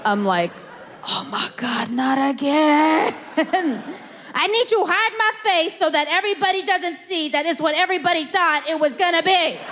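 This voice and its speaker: High-voiced woman doing stand-up in a hall. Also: animated, normal speed, fairly bright tone, a little hiss or hum. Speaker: stand-up comedian. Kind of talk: stand-up routine.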